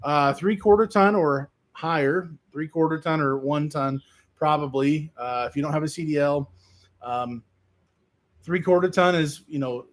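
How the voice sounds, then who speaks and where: A man hosts a casual livestream and reads out comments from his viewers, answering each one in turn. He talks slowly and loosely, with lots of "um"s and restarts. His voice sits a little higher than most men's. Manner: relaxed, rambling, many fillers and restarts. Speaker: livestream host answering chat. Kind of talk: casual live chat.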